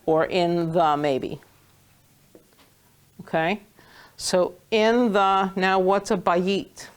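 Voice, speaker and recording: Slow, low-voiced woman teaching class. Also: clean tone. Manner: patient, playful, drawn-out words when stressing. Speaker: Hebrew teacher. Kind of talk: classroom lesson.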